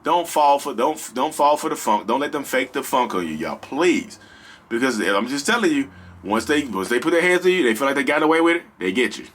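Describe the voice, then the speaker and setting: Bright-voiced man giving casual advice. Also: mid-range voice, a little fast. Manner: animated, slangy, rambling, talks straight to viewers. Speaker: vlog host.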